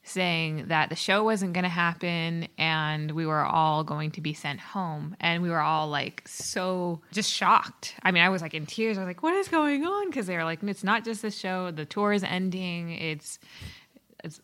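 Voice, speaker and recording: A woman with a low voice and a bright, forceful tone, answering podcast questions as a guest. She rambles and fills her speech with fillers. Her talk is loose and casual. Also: fairly even intonation, unhurried, smooth. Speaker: guest musician.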